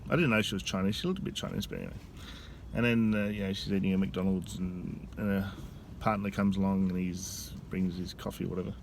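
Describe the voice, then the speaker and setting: A man telling a story in a casual vlog, speaking into a phone camera outdoors in a busy tourist area. He talks in a rambling, halting way with frequent restarts. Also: low voice, fairly even intonation, creaky, a little hiss or hum. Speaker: vlogger.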